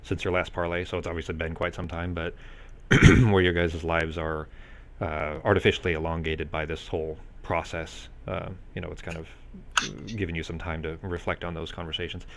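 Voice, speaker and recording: A man's voice: sits low, level tone, moderate pace, slight background noise. A man narrating as game master in a loose, hesitant way with many fillers.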